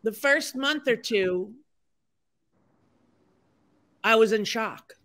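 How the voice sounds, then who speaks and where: A woman's voice: a little high, expressive, measured pace, fairly bright tone. A woman in her sixties, a podcast guest talking candidly and frankly, chatty and self-deprecating with lots of fillers. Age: 60s. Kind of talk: candid conversational storytelling.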